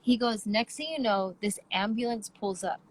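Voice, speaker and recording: A woman in her thirties hosting a podcast, telling a story in casual chat with emphatic, animated delivery. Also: mid-range voice, normal speed, dry recording, rough recording. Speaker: podcast host.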